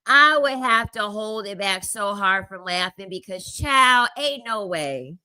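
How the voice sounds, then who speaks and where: A young woman talking through clips in casual commentary, with a sassy, slangy delivery full of laughter. Her voice is bright and forward. It sits dry and close on the mic. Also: mid-range voice, a little slow, smooth, no room sound. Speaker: commentary host.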